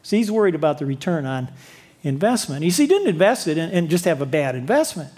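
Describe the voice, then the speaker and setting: A man's voice: on the high side, sing-song, a little fast, darkish tone. A man preaching a sermon, telling a story with rhetorical questions.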